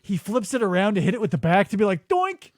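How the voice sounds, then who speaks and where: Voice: medium pitch, fast talker, no echo. A podcast host riffing sarcastically in casual comedic chat, breaking into impressions, on a studio microphone.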